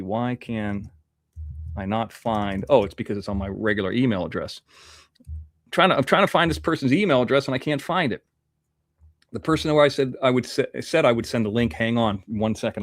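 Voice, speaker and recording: A man's voice: lowish voice, no room sound, clean studio sound. A man hosting a casual livestream, rambling as he reads out viewer donations while nursing a toothache. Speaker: livestream host.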